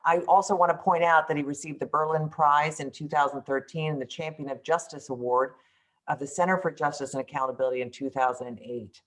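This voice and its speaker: Event host reading an introduction, halting. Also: mid-range voice, fairly even intonation, a bit bright, poor audio. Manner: reads with frequent fillers and self-corrections.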